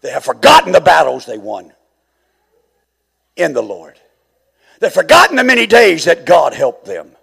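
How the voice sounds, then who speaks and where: A man preaching a sermon as pastor, swinging from quiet, low passages to high, shouted calls. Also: huge pitch swings, moderate pace, gravelly, long pauses, husky.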